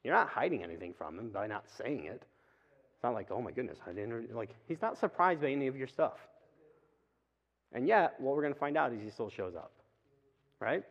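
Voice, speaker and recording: A man giving a casual, conversational sermon in church, with quick asides. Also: medium pitch, big pitch swings. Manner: chatty, acts out quick asides and voices. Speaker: preacher. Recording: reverberant hall, dull lo-fi sound.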